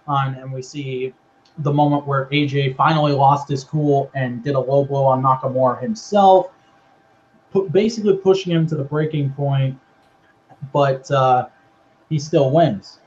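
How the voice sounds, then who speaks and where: A man's voice: medium pitch, highs cut off, a little hiss or hum. A man co-hosting a show, casually recapping a storyline and acting out the quotes as he tells it. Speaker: podcast co-host.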